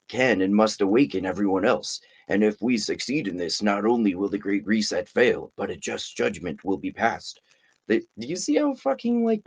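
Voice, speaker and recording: A man's voice: low-pitched, darkish tone, poor audio. A man giving casual, profane, sarcastic commentary while reading from a book. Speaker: commentary channel host.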